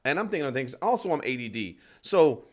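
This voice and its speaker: A man's voice: medium pitch, sing-song, quick pace. A man in casual podcast chat, telling rambling stories with many restarts. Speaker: podcast host.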